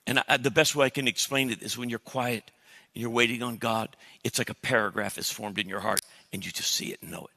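A male pastor preaching a sermon in a church, animated, joking with the crowd and acting out his own prayers. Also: medium pitch, fast talker, vocal fry. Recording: long hall reverb.

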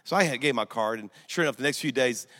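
A man from Louisiana preaching a storytelling sermon in church, swinging from hushed retelling to loud, excited bursts. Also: medium pitch, fast. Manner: animated, swings from hushed to shouting, laughs at own story. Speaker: guest preacher.

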